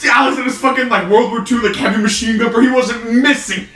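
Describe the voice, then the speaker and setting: A man co-hosting a casual podcast with friends, telling game stories excitedly, laughing and swearing. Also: extremely high pitch, fast talker. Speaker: podcast co-host. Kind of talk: casual chat among friends. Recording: roomy echo, distant mic, faint noise.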